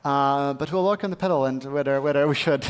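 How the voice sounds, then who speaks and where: A man speaking as a tech company guest in a live interview at a summit, at a middling pitch. He talks earnestly but haltingly, stumbling over repeated words and fillers before his point lands. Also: smooth. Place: conference stage at a summit.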